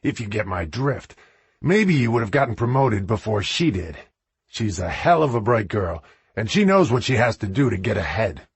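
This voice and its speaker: A man's voice: lowish voice, big pitch swings, moderate pace, breathy edge, dry recording, exaggerated voice. A man doing a curt, sleazy office boss. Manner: curt and evasive. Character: defensive, sleazy middle-aged male boss.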